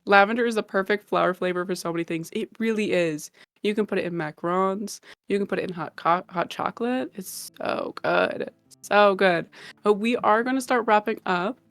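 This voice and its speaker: A woman's voice: medium pitch, normal speed, dry recording. A woman hosting a live stream, chatting casually with her viewers in a bubbly, giggly, gushing way. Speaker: livestream host.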